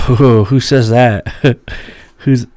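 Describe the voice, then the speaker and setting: A young man co-hosts a laid-back podcast in a smooth, clear voice. He tells loose stories full of swearing and acts out his friends' lines. The sound is dry and close. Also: steady tone, extremely slow, darkish tone, no echo. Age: young adult. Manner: loose, swearing storyteller who acts out quoted friends in a higher voice. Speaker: podcast co-host. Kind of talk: casual chat.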